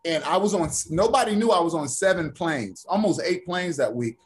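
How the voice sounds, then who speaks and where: A man guesting on a talk show who tells his stories with energy. His voice sits a bit on the high side, and he slips into quick little voices for the people he quotes. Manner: animated storyteller, acts out quoted voices. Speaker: actor and author, interview guest. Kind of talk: casual interview chat.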